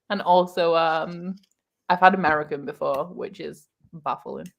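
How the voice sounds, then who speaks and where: A woman with a Northern English accent chats loosely on a reading livestream, giggling often and wandering between topics. Her voice sits slightly low, and she fills pauses with "um" and "like.". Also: big pitch swings. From Lancashire, England. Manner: giggly, rambling, lots of fillers. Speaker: booktube host. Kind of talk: casual livestream chat.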